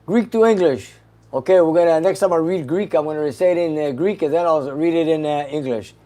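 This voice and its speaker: A man's voice: fairly high pitch, fairly quick, mellow. Upbeat man reading live chat. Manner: reads viewer comments aloud, answers briefly and laughs easily. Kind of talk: casual livestream chat.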